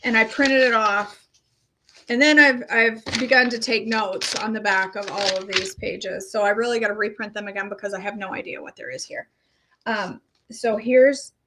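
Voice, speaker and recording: A middle-aged woman talks to her followers in a loose, rambling way and makes fun of herself as she goes. Her voice sits a little high for a woman. The delivery is unscripted and conversational, like a health coach's daily check-in. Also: fairly even intonation, normal speed, bright, forceful tone, slight background noise. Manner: chatty, rambling, self-deprecating. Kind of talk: casual chat.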